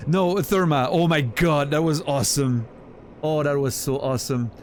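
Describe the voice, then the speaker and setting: A man's voice: fairly high pitch, normal speed, slight background noise. A man streaming a game, chatting casually in a rambling way with many restarts while he plays. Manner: rambling, chatty storyteller with frequent laughs and restarts.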